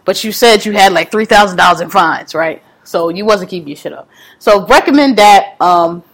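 A woman's voice: medium pitch, normal speed. A woman in casual chat, retelling a story with laughter, slang and acted-out quotes.

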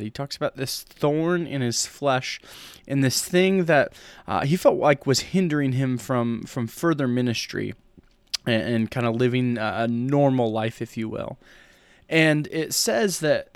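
Student pastor, man, mid-pitched, earnest devotional talk, dry close mic. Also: no echo. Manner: earnest, with frequent restarts. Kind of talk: podcast devotional.

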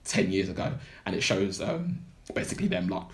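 A young man talks casually on a podcast, his voice sitting on the low side. He rambles, piling up fillers and restarts as he retells a story. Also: very animated, a little fast. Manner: rambling, heavy use of filler words. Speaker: podcast co-host. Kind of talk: casual chat, retelling a film plot.

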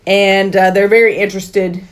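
A woman's voice: mid-range voice, flat delivery, moderate pace. A woman co-hosting a podcast, recapping a movie plot in casual chat and getting exasperated when she is interrupted. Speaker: podcast co-host.

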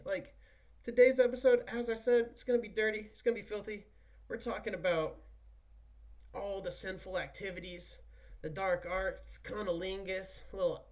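Young male podcast host, higher-pitched, hyped and foul-mouthed. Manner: profane, slangy, hyped and rambling. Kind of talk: casual solo podcast chat.

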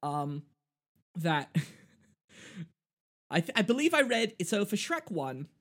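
A man's voice: sits high, very animated, slow, a bit bright. A man co-hosting a podcast, chatting casually about a film in a rambling, self-mocking way and laughing often. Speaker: podcast co-host. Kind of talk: casual film-review chat.

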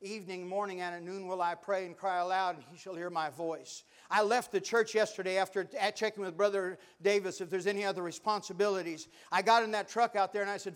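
A man's voice: high voice, fairly even intonation, brisk, few pauses, clean tone. An older man preaching a sermon, telling folksy stories and building to fervent exhortation.

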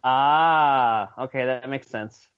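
A man's voice: mid-range voice, slow pace, smooth, no room sound, phone-quality sound. A man in a casual podcast chat, talking hesitantly with many fillers and restarts. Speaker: podcast co-host.

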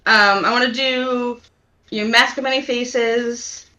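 A woman's voice: a little high, fairly even intonation, measured pace, bright, forceful tone. A woman playing a tabletop game, chatty and a bit unsure, swearing casually. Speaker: player.

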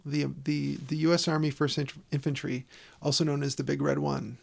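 Man, gravelly voice, slightly high, casual film chat, playful. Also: moderate pace. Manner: animated, playful, slips into silly put-on voices.

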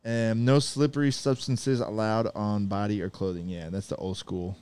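Smooth low-voiced man in casual banter. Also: moderate pace. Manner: laughing, profane, animated banter. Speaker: podcast co-host. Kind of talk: casual chat.

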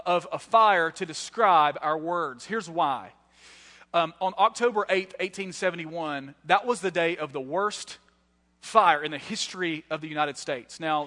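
A man in his thirties preaching a sermon in a reverberant hall. His voice sits high and sounds bright and forceful. He tells animated, self-deprecating stories between points. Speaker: guest preacher. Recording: echoey hall.

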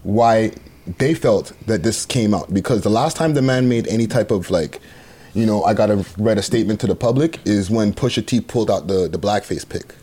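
A man's voice: lowish voice, brisk, breathy edge. A man hosting a casual music podcast, joking and reading posts aloud to his audience. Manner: animated, playful, reads posts aloud. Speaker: podcast co-host. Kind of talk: casual chat about music.

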